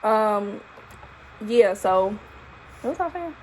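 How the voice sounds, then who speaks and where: A young woman, a new mother casually telling her birth story to camera in an expressive, profane way. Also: medium pitch, slow pace, slight background noise, rough recording. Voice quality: expressive, profane, animated retelling. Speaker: vlogger, new mom. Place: at home holding her baby.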